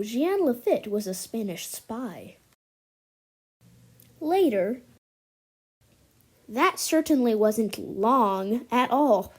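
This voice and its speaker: A woman narrating a homemade stop-motion history movie in a lively way, switching between telling the story and speaking character lines. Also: a little high, drawn-out words, pauses often, slightly rough.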